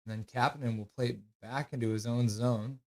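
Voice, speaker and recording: A man's voice: mid-range voice, fairly even intonation. Man calling hockey play-by-play. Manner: casual, quick calls with offhand jokes. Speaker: streamer doing live play-by-play. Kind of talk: live hockey play-by-play commentary.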